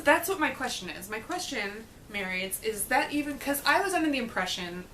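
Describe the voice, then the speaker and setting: A woman's voice: medium pitch, fairly bright tone, slight background noise, low-quality recording. A young woman chatting casually to camera about a book, blunt, sarcastic and swearing freely. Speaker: book reviewer vlogger.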